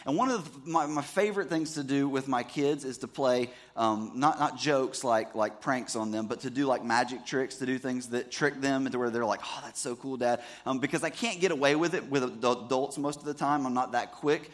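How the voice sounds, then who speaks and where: A man in his thirties preaching to his congregation in an easy, conversational way. He keeps asking the room whether they are following along, with a voice of ordinary middle pitch. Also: fairly quick, few pauses. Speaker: pastor. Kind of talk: sermon.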